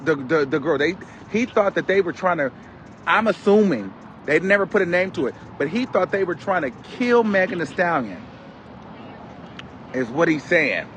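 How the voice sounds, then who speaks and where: A man giving a casual, animated commentary, retelling events dramatically and with loud exclamations. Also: on the high side, normal speed, slight background noise. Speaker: commentary host.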